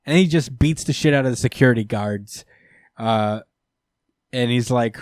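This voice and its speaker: A man's voice: medium pitch, measured pace, pauses often, smooth, dry recording, clean studio sound. A man hosting a podcast, casually recapping a comic book with swearing and laughs. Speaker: podcast host.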